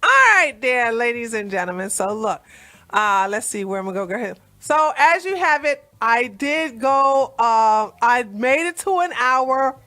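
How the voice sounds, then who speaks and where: A woman hosting a live stream, chatting casually with listeners, laughing and clearing her throat as her voice cracks. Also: a little high, a little slow, a bit bright. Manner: chatty, laughing, many fillers and restarts. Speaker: host.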